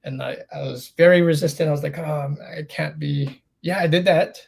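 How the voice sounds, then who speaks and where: Podcast guest, middle-aged man, gravelly and slightly high voice, earnest storyteller. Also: steady tone, normal speed. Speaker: interview guest. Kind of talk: candid storytelling in a podcast interview.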